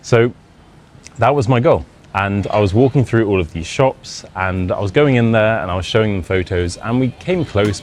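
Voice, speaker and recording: A young British man with a Modern RP accent, an English teacher casually telling a self-deprecating personal anecdote. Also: fairly low pitch. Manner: chatty, self-deprecating, acts out quoted dialogue.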